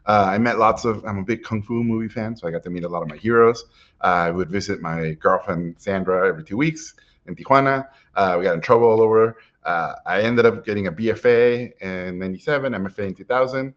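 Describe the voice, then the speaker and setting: Low-voiced middle-aged man, dull lo-fi sound. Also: a little fast. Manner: animated storyteller, chuckles while telling anecdotes. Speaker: animation director. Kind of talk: personal storytelling talk. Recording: dull lo-fi recording.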